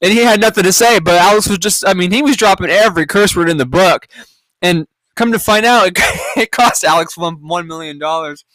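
Guy with a high tense voice, podcast host ranting at headlines, sarcastic and foul-mouthed, dead dry mic. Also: brisk, fairly bright tone, no room sound. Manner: profane, rambling, sarcastic. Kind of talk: casual news-reaction rant.

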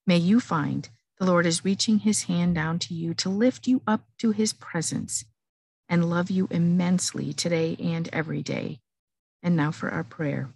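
A middle-aged woman hosting a podcast, gently reading a devotional meditation and prayer at an unhurried pace. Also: lowish voice, vocal fry, slightly rough, no echo. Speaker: podcast host.

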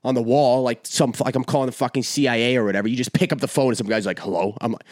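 A man's voice: mid-range voice, racing, no room sound, studio quality. Profane young man telling a story. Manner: animated, profane, rambling storyteller. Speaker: podcast host. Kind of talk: casual storytelling chat.

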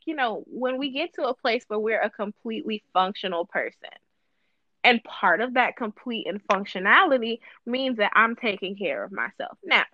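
A woman's voice: a little high, pushed and bright, dry recording, dull audio. A woman co-hosting a casual podcast chat, talking emphatically and repeating phrases for stress. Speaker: guest co-host.

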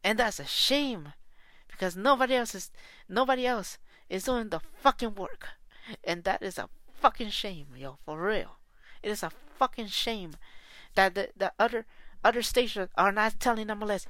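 A woman's voice: mid-range voice, moderate pace, a bit bright, no room sound. Woman, angry sports rant, heavy cursing, repeats herself, dry close sound. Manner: heated, profane, repetitive. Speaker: soccer fan podcaster.

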